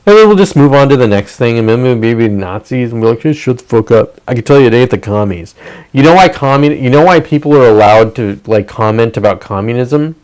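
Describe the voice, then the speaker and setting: A man's voice: mid-range voice, lively intonation, brisk, a little mellow, low-quality recording. A man hosting a livestream, ranting casually with profanity, rambling asides and sarcastic mock quotes. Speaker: streamer host.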